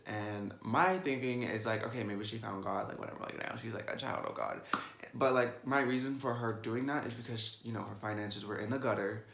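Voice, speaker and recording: A man's voice: medium pitch, a bit bright. Chatty eighteen-year-old guy, roomy echo. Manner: chatty and sassy, peppered with "like". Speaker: makeup vlogger. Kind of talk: casual storytime vlog.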